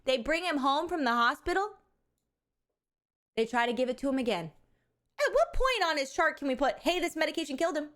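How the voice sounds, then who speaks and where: A woman live streamer talking with her chat in a relaxed, unscripted way. Her voice sits a little on the high side, and she is animated and candid, laughing often and swearing without a second thought. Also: moderate pace, pauses often. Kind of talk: casual chat with viewers.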